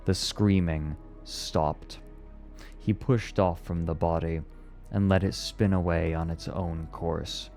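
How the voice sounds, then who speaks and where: A man reading a story aloud in a slow, measured and solemn way. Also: deep voice, steady tone, darkish tone, faint music behind.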